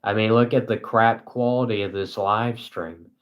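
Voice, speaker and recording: A young man hosting a casual live stream, talking to his chat in a flat, dry, self-mocking monotone. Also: fairly low pitch, normal speed, muffled recording.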